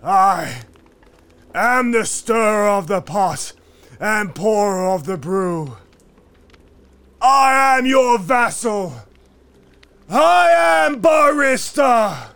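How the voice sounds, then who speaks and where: A man playing a devout wizard narrating his tale in a solemn, mock-epic way, at times shouting proclamations. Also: high voice, animated, very slow, creaky, long pauses, clean tone, full character voice. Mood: ecstatic shouting. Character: wizard narrator, devout, obsessive, later frenzied. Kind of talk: first-person dramatic storytelling.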